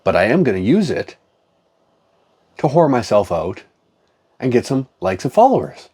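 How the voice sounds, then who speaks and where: Lively, rambling man chatting casually. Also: mid-range voice, moderate pace, husky. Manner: profane, joking, rambling. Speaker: comic collector and vlogger.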